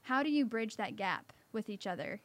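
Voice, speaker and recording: A young woman in casual conversation, her voice sitting a little high. She rambles loosely, leaning on lots of fillers as she talks. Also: lively intonation, normal speed. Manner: rambling, heavy use of fillers. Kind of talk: casual chat.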